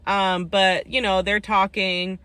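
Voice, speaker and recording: A young woman talks through a reality dating show episode in a loose, chatty recap. She sprinkles "like" and "um" everywhere and gives her opinion freely. Her voice is bright and forceful. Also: mid-range voice, little pitch movement, takes it slowly, clear, resonant tone. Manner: chatty, full of "like" and "um" fillers; opinionated storytelling. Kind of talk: casual recap chat.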